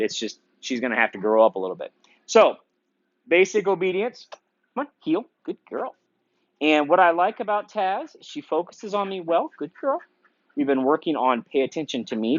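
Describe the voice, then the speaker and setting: Man calmly explaining dog training. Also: medium pitch, dry recording, highs cut off. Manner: relaxed, frequent "um" fillers, sharp short commands to the dog. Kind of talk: training demonstration with commentary.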